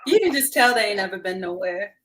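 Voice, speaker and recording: A woman's voice: mid-range voice, very animated, brisk. A woman co-hosting a casual gossip chat in a joking way. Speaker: co-host. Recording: crowd noise behind.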